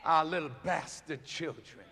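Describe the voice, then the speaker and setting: A man delivering an impassioned sermon to a large audience in an arena. His delivery is slow and deliberate, swelling into shouts. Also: fairly high pitch, gravelly. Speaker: minister addressing a convention. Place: large arena in front of a live crowd. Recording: long arena reverb.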